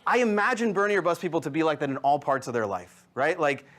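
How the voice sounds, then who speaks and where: A man's voice: on the high side, big pitch swings, quick pace, a bit bright. A man in his thirties doing a stand-up comedy set before a live audience, telling stories with quoted voices and asides to the crowd. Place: live venue with audience laughter.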